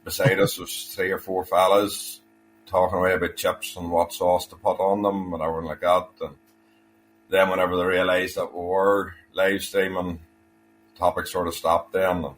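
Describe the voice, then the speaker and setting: Deep-voiced man. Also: little pitch movement, moderate pace, slight background noise, low-quality recording. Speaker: podcast guest. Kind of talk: casual chat.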